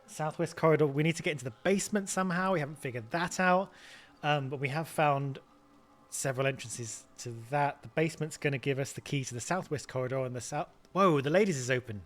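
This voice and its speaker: A man's voice: on the high side, fairly quick. A man hosting a let's play, thinking aloud in casual commentary and stumbling over repeated words.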